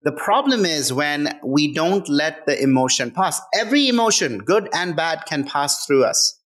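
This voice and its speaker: A man's voice: fairly high pitch, big pitch swings, moderate pace, fairly bright tone. A man speaking as a guest author in a conversational interview, earnest and emphatic, often checking in with "right?".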